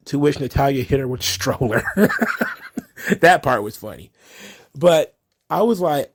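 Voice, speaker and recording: A man giving casual solo commentary on a wrestling show, blunt, sarcastic and profane. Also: medium pitch.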